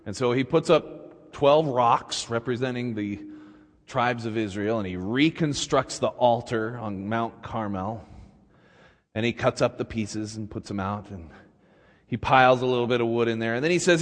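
Male preacher, sermon storytelling, colloquial and animated; long church reverb. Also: medium pitch, normal speed.

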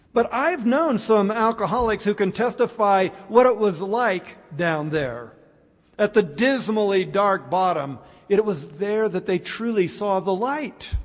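A man preaching a sermon, slow and reflective, with dramatic pauses. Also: high-pitched. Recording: long hall reverb.

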